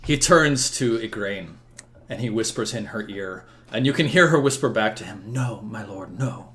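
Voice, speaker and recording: A man narrates a tabletop role-play game as its game master. He sounds hesitant and halting, and he often restarts his sentences. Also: on the low side, animated, fairly bright tone. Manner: hesitant, full of restarts and fillers.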